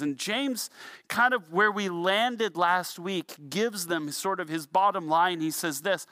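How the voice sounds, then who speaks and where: A middle-aged man preaching a sermon in a relaxed, storytelling way with self-deprecating humor. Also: sits high, slow, no room sound, clean studio sound. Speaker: pastor. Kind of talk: conversational sermon.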